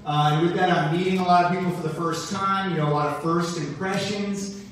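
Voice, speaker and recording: A young man with a laid-back Californian surfer drawl doing an energetic stand-up set on a club stage. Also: high-pitched, brisk. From Boston. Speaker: stand-up comedian. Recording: roomy club sound from a distance. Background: laughing audience.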